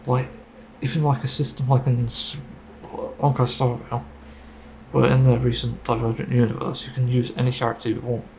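A man's voice: mid-range voice, little pitch movement, moderate pace, creaky, a little mellow, a little hiss or hum, low-quality recording. A man giving a casual, rambling opinion monologue about a game, getting frustrated and swearing casually. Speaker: gaming video creator.

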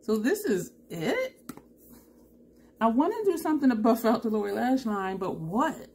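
A woman's voice: on the high side, sing-song, normal speed, darkish tone, a little hiss or hum. A woman vlogger chatting through a makeup tutorial, thinking aloud and correcting herself as she goes. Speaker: beauty vlogger.

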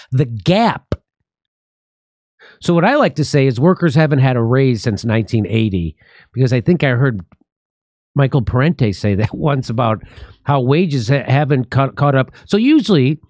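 A man's voice: medium pitch, darkish tone, no echo, studio quality. A man hosting a casual political commentary show, sarcastic and riffing with his co-host.

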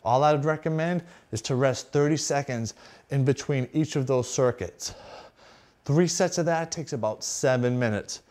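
A man's voice: mid-range voice, normal speed, darkish tone. A man leading a workout as a fitness instructor, counting reps and urging the viewer on while breathing heavily. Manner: encouraging, coaching and counting reps. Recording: music behind the voice.

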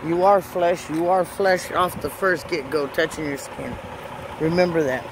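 A low-pitched woman speaks a little slowly in a steady tone, preaching and telling her personal Christian testimony as a vlogger from in or beside a parked truck outdoors. Traffic and outdoor noise are clearly heard underneath, and she grows emotional and earnest, escalating into urgent rhetorical questions to the listener.

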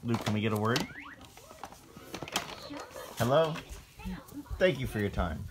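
A man's voice: mid-range voice, expressive, unhurried, noisy background. A man filming his baby son at home, coaxing and teasing him in a playful way. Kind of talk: casual home video.

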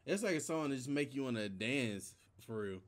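A man's voice: medium pitch, animated, normal speed, over loud music. Chatty young man hosting a reaction. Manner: loose and chatty, tosses in 'man' and 'bruh'. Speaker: YouTube reaction host. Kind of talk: casual reaction commentary.

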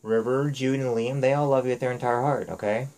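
A man's voice: mid-range voice, fairly even intonation, a little fast, darkish tone, rough recording. Firm, earnest father lecturing. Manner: firm, lecturing, repeats "okay?". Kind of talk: earnest talk with his young daughter.

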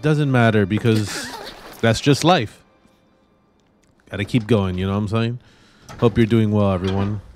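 A man's voice: fairly low pitch, unhurried, long pauses, a little mellow, faint music behind. A man hosting a casual let's play, joking crudely and rambling as he plays. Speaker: gaming video host. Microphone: desk mic, no camera.

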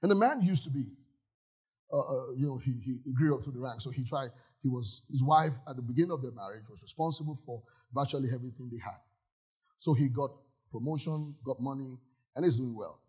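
A man's voice: medium pitch, brisk, a little mellow, husky. A male pastor preaching a sermon in a church, emphatic and often asking the congregation if they follow.

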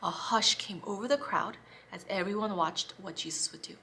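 A woman teaching children, reading a Bible story in an expressive, animated way. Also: medium pitch, normal speed, creaky.

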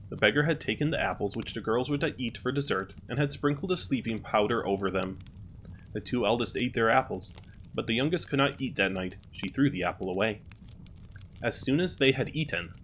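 A man calmly narrating a fairy tale as a storyteller. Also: mid-range voice, slight background noise.

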